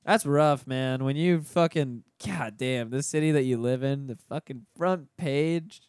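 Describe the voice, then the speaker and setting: A man's voice: medium pitch, measured pace, darkish tone, clear, resonant tone, no room sound, studio quality. A man co-hosting a casual podcast chat, laid-back and profane, trailing off into mumbles. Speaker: podcast co-host.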